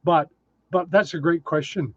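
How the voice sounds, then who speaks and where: Man, 60s, livestream host, casual and self-deprecating, somewhat high voice, dry lo-fi sound. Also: steady tone, a little slow, a bit bright, no echo. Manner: chatty, self-deprecating, answers viewer questions. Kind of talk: casual live chat reading comments.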